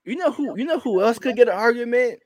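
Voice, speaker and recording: A man co-hosting a podcast in relaxed casual chat, laid-back with easy laughter. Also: extremely high pitch, fast talker, no echo. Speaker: podcast co-host.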